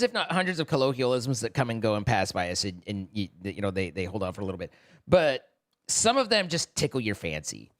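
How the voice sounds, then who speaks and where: A man's voice: high-pitched, pushed and bright, dry recording. A man streaming live, chatting casually and rambling with many restarts and swear words for emphasis. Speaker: livestreamer.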